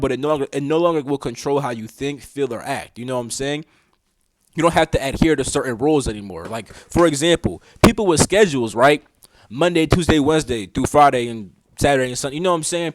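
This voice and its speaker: A man's voice: fairly high pitch, no room sound, low-quality recording. A young man giving a casual spiritual talk, slangy and swearing, often asking "you know what I'm saying". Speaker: spiritual teacher.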